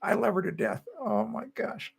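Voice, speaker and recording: A man's voice: sits high, moderate pace, vocal fry, slightly rough. An older man hosting a live stream, chatting casually with viewers in a rambling way and laughing often.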